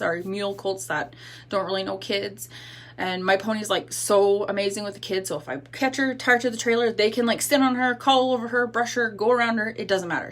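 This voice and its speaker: A woman in her thirties talks straight into her livestream from home, candid and self-deprecating as she tells a story. Her voice is a little hoarse because it is still recovering, and her pitch sits in the middle of the range. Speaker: livestream host. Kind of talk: casual livestream chat. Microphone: phone or webcam livestream.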